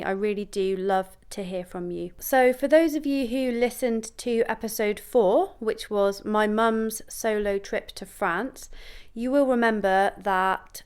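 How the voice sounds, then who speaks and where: Cheerful British woman podcaster, smooth voice. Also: medium pitch, a little mellow. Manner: cheerful, upbeat. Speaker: podcast host. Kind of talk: podcast monologue and phone interview.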